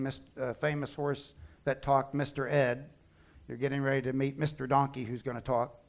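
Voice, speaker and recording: A man preaching a sermon, retelling a Bible story in an animated way and acting out the characters' lines. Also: high voice. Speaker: pastor.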